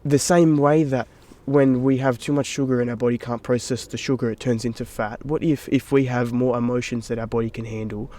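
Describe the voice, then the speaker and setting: A man's voice: mid-range voice, steady tone, brisk, few pauses, mellow. A young adult man, a podcast guest, telling a personal story in casual chat, swearing freely and dropping into whispers for his inner thoughts.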